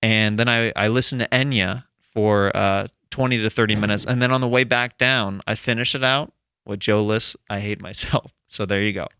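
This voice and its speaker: A man's voice: lowish voice, fairly even intonation, moderate pace, sharp tone, clean tone, no room sound, studio quality. A man hosting a casual comedy podcast, talking in an enthusiastic, rambling way with many restarts. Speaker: podcast host. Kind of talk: casual chat.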